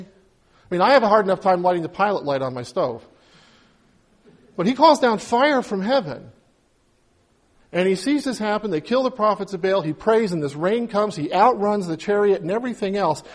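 A man preaching a conversational sermon, retelling the story with humor and acting out the characters' pleas with rising emotion. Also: sits high. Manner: conversational, acts out biblical voices with rising emotion. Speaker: pastor.

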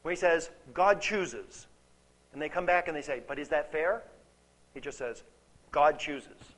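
On poor audio, a man whose voice sits on the high side, with a fairly bright tone, talks a little fast as he teaches expository Bible lessons. His style is conversational; he repeats key words to stress them and keeps asking "okay?" and "right?" to check in with his audience.

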